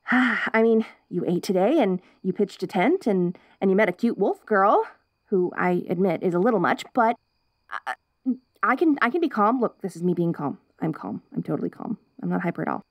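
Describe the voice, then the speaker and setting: A woman's voice: medium pitch, expressive, moderate pace, no echo, close to an everyday voice. A woman doing a giggly hyper wolf girl. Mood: curious. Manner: giggly, bubbly, restless chatter. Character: perky, curious, hyper young wolf girl. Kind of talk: ASMR role-play.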